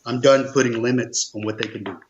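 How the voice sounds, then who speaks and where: A man's voice: mid-range voice, steady tone, a little fast, muffled recording, slight background noise. A man, an insurance agency owner, telling stories in a conversational interview, earnest and emphatic, repeating phrases for stress. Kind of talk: conversational storytelling.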